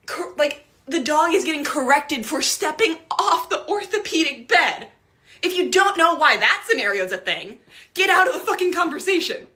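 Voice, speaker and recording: Woman, high bright voice, profane exasperated TikTok rant. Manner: profane, exasperated, laughing ranting. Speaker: TikTok commentator. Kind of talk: casual ranting commentary.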